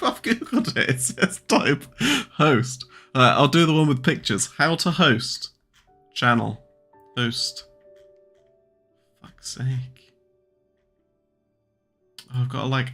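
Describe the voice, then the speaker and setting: Gravelly, joking streamer. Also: male voice, mid-range voice, a bit bright. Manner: joking, swearing, answering viewers' questions. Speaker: trading livestream host. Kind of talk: casual livestream chat. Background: faint music.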